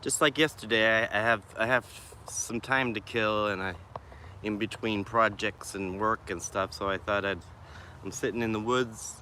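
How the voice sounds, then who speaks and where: A man with a Boston accent talks in a low, forceful voice, rambling and greeting viewers by name as he livestreams. He speaks into a phone on a selfie stick from a small wooded patch in the city. Faint city noise runs behind him. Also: fairly even intonation, normal speed. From Boston, USA. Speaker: vlogger livestreaming. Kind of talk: casual livestream chat.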